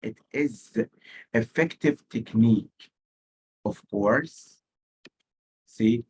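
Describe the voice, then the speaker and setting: Slow, husky-voiced male teacher. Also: medium pitch, a little mellow, low-quality recording. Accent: Arabic-speaking. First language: Arabic. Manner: explains slowly, repeats key words for emphasis. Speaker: SAT teacher. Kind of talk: recorded lecture.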